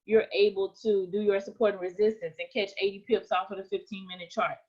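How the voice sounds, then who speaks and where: A woman's voice: medium pitch, little pitch movement, brisk. Repetitive trading coach woman, lo-fi sound. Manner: conversational, repeats points, frequent "right?". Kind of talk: live trading lesson.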